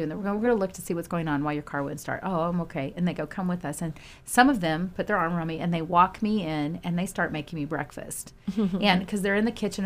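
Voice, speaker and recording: A middle-aged woman with a lower voice tells a story from her past in a relaxed chat. She gets animated and laughs easily as she talks. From Houston, Texas.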